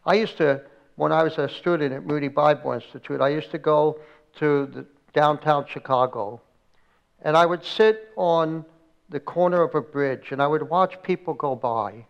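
A man's voice: a little high, moderate pace, creaky, smooth, dull audio. A middle-aged male pastor preaching a sermon, telling stories with dramatic acted-out quotes. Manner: dramatic storytelling, acting out quoted prayers with rising intensity. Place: church, recorded for an online service.

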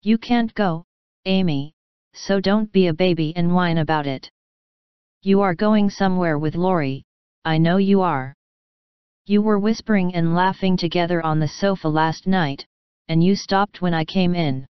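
An impatient, hot-tempered teenage girl who snaps crossly at her sisters, as a woman reads her. The voice is lowish and very clear, recorded dry and close. The sound is slightly dull. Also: normal speed, no room sound, lightly acted.

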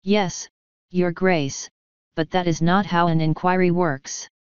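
A woman voicing a calm, prim male government inspector who speaks precisely and formally. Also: fairly low pitch, slow pace, clean tone, no room sound, lo-fi sound.

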